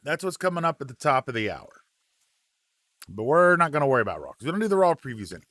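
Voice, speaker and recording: A man hosting a relaxed live wrestling chat, reading out viewer comments with plenty of ums and uhs. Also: mid-range voice, fast talker, no room sound.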